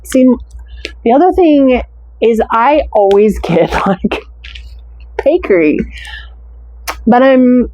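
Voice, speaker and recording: A woman's voice: on the high side, lively intonation, a little mellow, no room sound, low-quality recording. Chatty American woman gushing over scents. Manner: chatty, gushing, drawn-out descriptive words. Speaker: wax melt haul reviewer. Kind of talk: casual product review chat.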